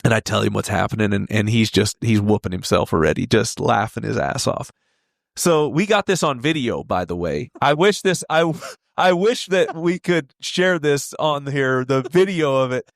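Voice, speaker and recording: A man in his forties, a podcast guest telling rodeo stories in a casual, animated way, laughing often and acting out the voices of the people in them. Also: mid-range voice, moderate pace, vocal fry, no echo, studio quality. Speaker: podcast guest, retired steer wrestler. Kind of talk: casual storytelling.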